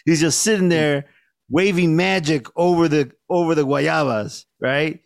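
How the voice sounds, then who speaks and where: A young man on a podcast telling a story in casual chat, laid-back and swearing a lot, acting out the shouted lines he quotes. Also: a little high, a little slow, vocal fry, no room sound, clean studio sound. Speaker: podcast co-host.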